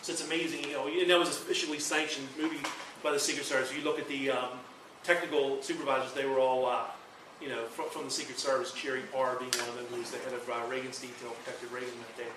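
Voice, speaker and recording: A man giving a university presentation, telling a rambling, animated story full of quoted dialogue. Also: medium pitch, fast, background noise. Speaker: lecturer. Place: university lecture hall. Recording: echoey room from far off.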